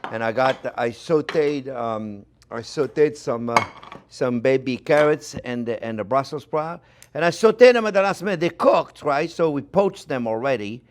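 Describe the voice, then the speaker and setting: Older French-accented man, cooking show host, enthusiastic and rambling with restarts. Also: mid-range voice. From France. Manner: chatty, enthusiastic, lots of fillers and restarts. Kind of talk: casual cooking demonstration. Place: home kitchen.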